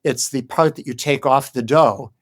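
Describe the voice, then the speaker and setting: An older man from Chicago speaks as a guest in an interview, his voice sitting at an ordinary middle pitch. He explains things thoughtfully, with frequent ums and short pauses as he searches for words. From Chicago, United States. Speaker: guest Yiddish scholar. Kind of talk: conversational interview.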